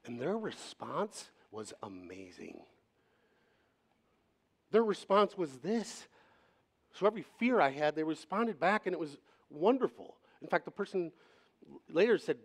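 A man's voice: fairly high pitch, big pitch swings, measured pace, pauses often. A male pastor giving a sermon in a conversational manner, acting out quoted voices as he speaks.

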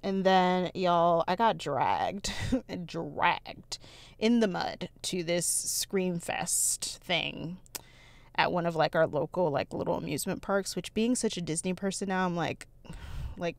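A woman's voice: lowish voice, lively intonation, slow, vocal fry. A young woman vlogging casually, chatting to viewers and telling stories with frequent laughter. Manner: chatty storyteller, laughs often, addresses viewers. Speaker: planner vlogger.

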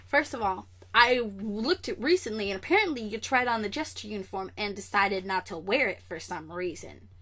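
A young woman vlogger chatting casually and sassily about comic news, animated and straight to the camera. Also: medium pitch, normal speed, few pauses.

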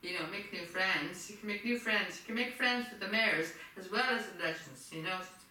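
A woman's voice: medium pitch, normal speed, sharp tone. A woman rambling and repeating herself in a casual home video, with a frog in her throat. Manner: repetitive, circling back over the same points. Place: home kitchen. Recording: echoey kitchen, distant mic.

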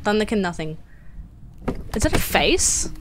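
A woman's voice: mid-range voice, big pitch swings, a little slow, noisy background. A young woman streaming a horror game, jumpy and swearing, with nervous laughs and startled shrieks. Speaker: gaming streamer. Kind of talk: horror game let's play commentary.

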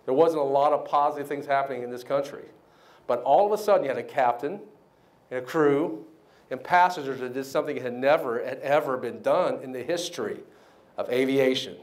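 A man giving a motivational banquet speech, telling his story with lively acted-out quotes. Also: mid-range voice, fairly quick. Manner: animated storyteller, acts out quoted voices. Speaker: keynote speaker. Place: banquet hall.

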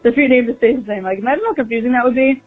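Brief: chatty young girl caller, high and rapid, rambles excitedly, voiced by a man, tinny phone line. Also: soft background music.

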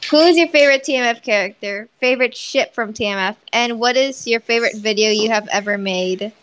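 A woman's voice: fairly high pitch, a little fast, a bit bright, slight background noise, poor audio. Chatty woman saying "like" a lot. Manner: chatty, heavy use of "like", laughs often. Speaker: channel host reading viewer questions. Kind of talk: casual chat.

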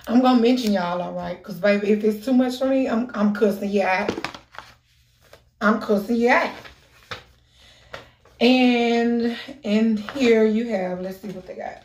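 A woman talking casually to her camera in a lively, animated way, swearing freely. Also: on the high side, unhurried, pauses often. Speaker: vlogger. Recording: echoey room.

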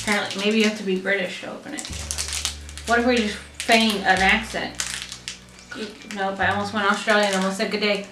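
A woman's voice: mid-range voice, little pitch movement, fairly quick, noisy background. A young woman vlogging, chatting expressively and squeamishly while taste-testing snacks. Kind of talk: casual snack taste-test chat. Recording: echoey room with light music.

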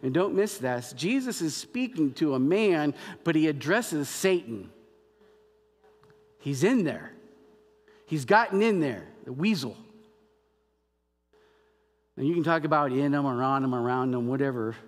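High-voiced pastor preaching in a church, lots of hall reverb, acts out the bible bits. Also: male voice, a little slow, pauses often. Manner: animated, acts out biblical dialogue in quoted voices. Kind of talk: sermon. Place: church sanctuary.

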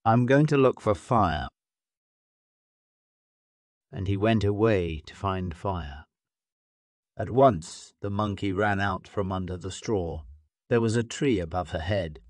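A man slowly narrating a graded-reader story for English learners, reading clearly and deliberately. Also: sits low, no room sound, studio quality.

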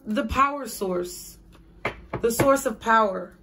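Slow-talking woman giving a tarot reading. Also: fairly high pitch, background noise. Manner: slow, repetitive, spiritual phrasing. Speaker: tarot reader.

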